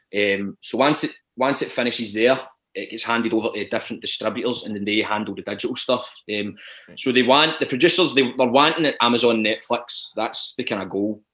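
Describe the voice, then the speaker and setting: A man's voice: on the low side, bright, forceful tone. A Scottish man chatting casually as a guest, with frequent restarts and fillers. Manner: hesitant, lots of restarts and "do you know what I mean". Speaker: guest actor. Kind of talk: casual podcast chat.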